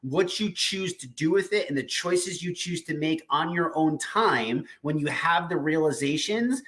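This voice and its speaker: A man with a slightly raised pitch gives a fired-up, emphatic pep talk on his livestream. He repeats his phrases for emphasis and swears casually. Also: animated, unhurried, a bit bright. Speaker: host of a weekly diet community livestream. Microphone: video call streaming setup.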